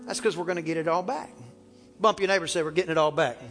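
Fervent high-voiced preacher in a reverberant church. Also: male voice, rapid-fire, faint music behind. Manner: fervent preaching, rising to shouts, calls for congregation responses. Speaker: pastor. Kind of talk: sermon. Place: church sanctuary.

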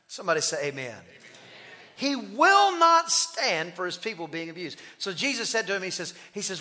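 A man's voice: high voice, sing-song, moderate pace, sharp tone, big-room sound. A male pastor preaching a sermon, emphatic and repetitive, building to rhythmic declarations. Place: church sanctuary.

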